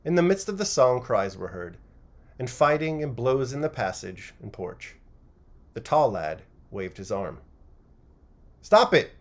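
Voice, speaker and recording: Expressive male audiobook reader. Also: mid-range voice, measured pace. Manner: expressive, varied reading. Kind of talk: scripted narration of a classic novel.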